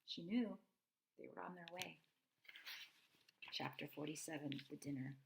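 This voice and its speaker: Low, gravelly woman reading a storybook aloud. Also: moderate pace, background noise. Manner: expressive, with asides to listeners. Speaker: reader. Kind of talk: reading a children's novel aloud.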